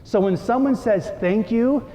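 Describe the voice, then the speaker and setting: A man's voice: very high voice, a little slow, dark tone. A male priest giving a conversational sermon, acting out short everyday dialogues for his congregation. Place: church. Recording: reverberant church hall.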